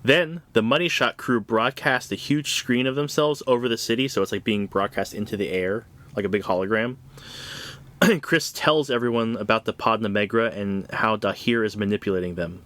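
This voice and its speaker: A man's voice: fairly low pitch, normal speed, fairly bright tone. Casual man recapping a comic book. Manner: loose, profane plot recap with many "like"s. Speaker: podcast co-host.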